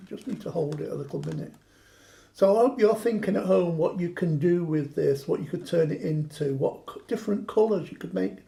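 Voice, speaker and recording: A man's voice: high voice, vocal fry, dark tone. A man chatting through a craft demonstration, joking and poking fun at himself. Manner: joking, self-mocking banter.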